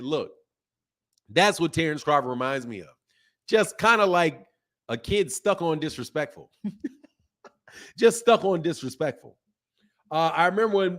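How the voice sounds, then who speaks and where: A man hosting a boxing channel, chatting casually and reading viewer comments aloud, animated and emphatic with slangy talk and frequent laughs. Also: on the high side.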